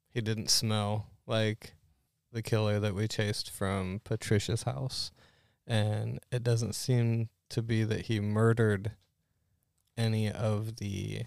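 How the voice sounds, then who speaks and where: A man's voice: lowish voice, vocal fry, a little mellow, no echo, studio quality. A man playing a tabletop role-playing game, talking through his character's suspicions in a thoughtful, hesitant way. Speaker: player.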